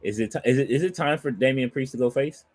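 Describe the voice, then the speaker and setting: A man's voice: medium pitch, fast talker, a little mellow, no echo. A man co-hosting a casual wrestling chat, laid-back and hesitant, with many fillers. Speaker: podcast co-host.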